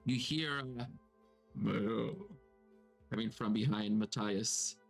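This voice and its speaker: A man's voice: mid-range voice, fairly quick, gravelly, faint music behind. A man acting as game master for a live-streamed tabletop game, describing scenes in a casual, plain way.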